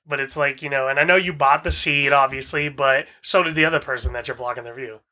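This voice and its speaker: A young man co-hosting a podcast in casual chat, animated and profane, laughing often. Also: medium pitch, fast talker. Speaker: podcast co-host.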